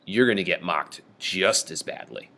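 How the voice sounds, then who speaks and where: A man giving a lecture on a play, reading lines aloud and explaining them in an animated, casual way. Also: sits low, moderate pace. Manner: animated, reads quoted lines with raised voice. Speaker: teacher.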